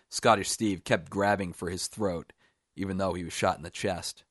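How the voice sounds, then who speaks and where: A man, the author, reading his own short story aloud in a measured, even storytelling manner. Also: deep voice, no room sound, clean studio sound.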